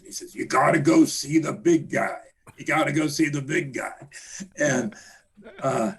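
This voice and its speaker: A man, a guest journalist, reminiscing in a halting way with many fillers. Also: mid-range voice, darkish tone, breathy edge. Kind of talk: casual interview chat.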